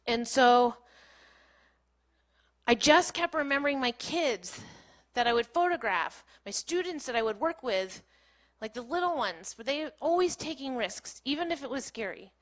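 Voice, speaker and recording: A woman's voice: sits high, animated, moderate pace, fairly bright tone. A woman in her thirties giving a candid storytelling talk on a small stage, laughing often and saying "like" a lot. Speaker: keynote speaker.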